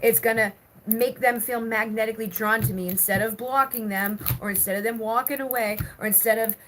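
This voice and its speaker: A woman's voice: on the high side, fairly even intonation, a little fast, noisy background. Chatty woman reading tarot live. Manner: chatty, reads viewer comments aloud, many fillers. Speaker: tarot reader.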